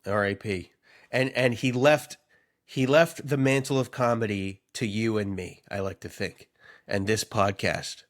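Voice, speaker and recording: A man's voice: lowish voice, unhurried. A man co-hosting a casual comedy podcast, talking through his nose with a stuffy head cold and riffing playfully on wordplay. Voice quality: nasal. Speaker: podcast co-host.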